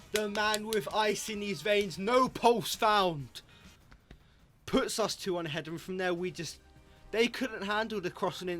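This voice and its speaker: A young man giving jokey, excitable commentary over a football video game, his voice jumping high when shocked. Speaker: gaming YouTuber.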